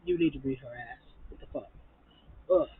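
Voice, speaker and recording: A woman recapping a reality TV episode in a casual, animated and profane way, getting heated as she talks. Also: rumbling low, normal speed, husky. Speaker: TV recap vlogger. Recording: phone-like lo-fi audio.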